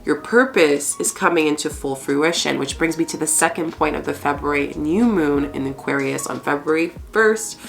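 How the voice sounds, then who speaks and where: A woman's voice: low-pitched, vocal fry, faint music behind. A woman giving a chatty spiritual card reading, in her morning voice just after waking, laughing often. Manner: warm, laughing, chatty, mixes fast and slow stretches. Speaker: spiritual channel host, tarot reader.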